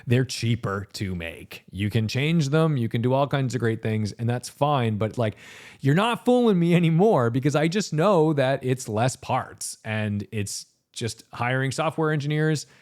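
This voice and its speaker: A male car reviewer hosts a solo podcast in a loose, rambling monologue. His voice sits at an ordinary middle pitch, and his tone turns sarcastic as he drifts into mock quotes. He sounds casual and unscripted throughout. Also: expressive, a little slow, a little mellow.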